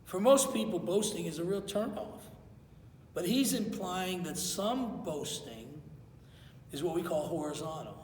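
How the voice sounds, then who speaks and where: A man's voice: sits high, expressive, normal speed, darkish tone, far from the mic, slight background noise. A man preaching a conversational sermon as pastor in a church, acting out quotes as he goes. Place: church sanctuary. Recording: echoey hall, voice from afar.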